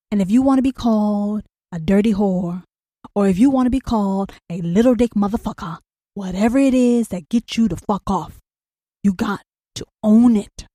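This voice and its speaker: A fairly high-pitched woman hosting a solo podcast in a dry, close recording. She speaks bluntly and profanely and keeps hammering her points with questions. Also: mellow, dry recording. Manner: blunt, profane and emphatic, with repeated rhetorical questions. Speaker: podcast host.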